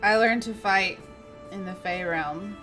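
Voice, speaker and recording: A woman voicing a grim, stoic female paladin in a tabletop game, speaking flatly and matter-of-factly. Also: medium pitch, unhurried, faint music behind. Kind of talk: tabletop game role-play.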